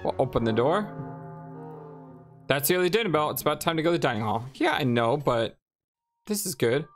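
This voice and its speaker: Low-voiced chatty woman gaming. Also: expressive, fairly quick, faint music behind. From Ireland. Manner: chatty, reads on-screen text aloud, muses to herself. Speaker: let's play gamer. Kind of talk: casual game commentary.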